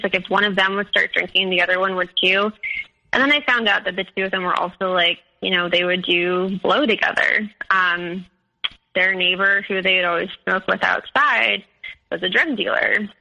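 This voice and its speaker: Hesitant woman with a bright, creaky voice. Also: mid-range voice, rough recording. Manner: hesitant, many fillers and restarts. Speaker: guest. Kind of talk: recounting a personal story in an interview.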